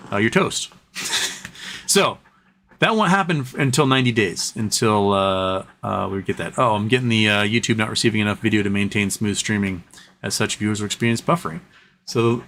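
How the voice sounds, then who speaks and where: A man's voice: sharp tone, slight background noise. A man hosting a casual livestream from home, rambling between topics and reading out viewer comments. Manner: rambling, talks to his dog in a high coaxing voice. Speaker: livestream host. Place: home during a thunderstorm.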